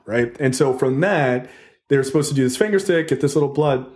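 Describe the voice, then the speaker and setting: Brisk and medium-pitched, a podcast host spins a story in easygoing chat that echoes around the room. He curses a lot, says "like" often, and keeps asking "right?" in his animated telling.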